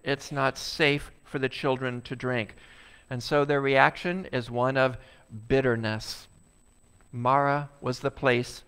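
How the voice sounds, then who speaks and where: Man, pastor, animated sermon, clear resonant voice, mid pitch. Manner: animated preaching, acting out the complaining crowd.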